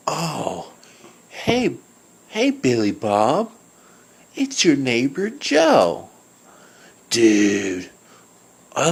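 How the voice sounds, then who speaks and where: A man doing a dopey, slow-talking surfer dude. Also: medium pitch, husky, exaggerated voice. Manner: slangy, calls everyone dude and bro. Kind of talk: homemade cartoon voice acting.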